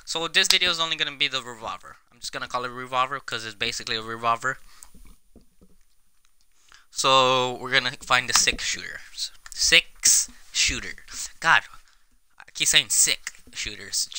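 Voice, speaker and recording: A young man giving casual, excitable gameplay commentary on his own video, swearing often and jumping between loud outbursts and quiet mumbles. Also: medium pitch, normal speed, clean tone, dry recording. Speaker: gaming video creator. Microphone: camera on face while playing.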